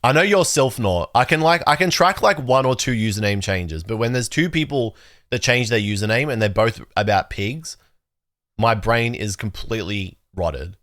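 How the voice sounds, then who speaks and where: Excitable, swearing male livestreamer. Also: medium pitch, normal speed, no room sound, clean studio sound. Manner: rambling, excitable, swears freely. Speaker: livestream host. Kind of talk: casual chat reacting to chat.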